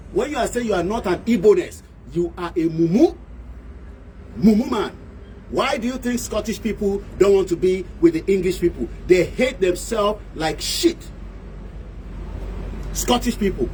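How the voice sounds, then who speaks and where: High-voiced ranting Nigerian man. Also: darkish tone, a little hiss or hum, rough recording. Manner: ranting, switching between English, Yoruba and pidgin. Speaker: broadcaster. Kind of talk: impassioned political monologue.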